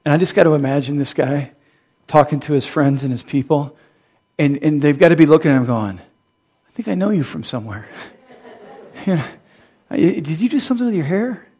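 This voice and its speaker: A middle-aged male pastor preaching a sermon, animated and humorous, moving between loud emphatic stretches and hushed earnest ones. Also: fairly high pitch, fairly quick, long pauses, slightly rough.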